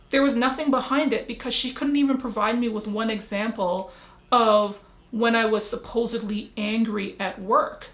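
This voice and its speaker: Brief: woman vlogger, slightly high voice, reflective storyteller, echoey room. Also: fairly bright tone. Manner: reflective storytelling, self-talk asides. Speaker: YouTuber. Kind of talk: casual talk to camera. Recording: roomy echo.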